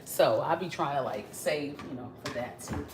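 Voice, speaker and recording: A woman hosting a home cooking video, chatting warmly with viewers and calling them y'all and baby. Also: deep voice, normal speed, a little hiss or hum. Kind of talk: casual cooking demonstration to viewers.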